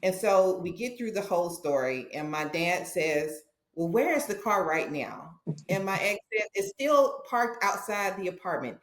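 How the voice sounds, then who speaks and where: A woman's voice: lowish voice, moderate pace. A woman guest on a podcast, telling a personal story and acting out the dialogue with feeling. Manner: animated, acts out dialogue in her stories. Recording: roomy echo.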